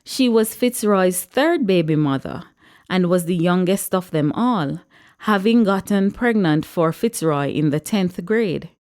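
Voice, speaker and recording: A woman, reading a story aloud in a measured, expressive way. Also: lowish voice. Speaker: audiobook narrator.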